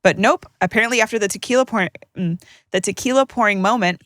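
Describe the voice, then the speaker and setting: A woman co-hosting a podcast, reading listener stories aloud with joking, animated banter. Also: mid-range voice, fast talker. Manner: animated, joking, laughs mid-sentence. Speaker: podcast co-host.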